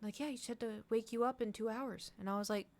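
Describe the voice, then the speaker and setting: A young adult woman streaming and chatting with viewers, telling a rambling, animated story with laughs. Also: fairly high pitch, fairly quick. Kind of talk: casual chat with stream viewers.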